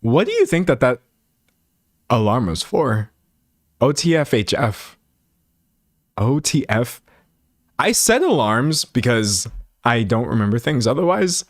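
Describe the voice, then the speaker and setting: Young Texan male streamer, casual and animated, drawling delivery with a very lively pitch. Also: no room sound, studio quality. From South Central Texas. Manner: animated, joking, drawn-out Southern drawl. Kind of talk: casual livestream chat.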